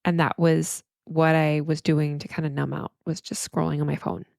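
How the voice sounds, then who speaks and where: A woman's voice: sits low, little pitch movement, moderate pace, creaky, darkish tone, no room sound, studio quality. A middle-aged woman therapist hosting her podcast alone, talking candidly and emotionally with frequent restarts. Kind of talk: reflective solo podcast monologue.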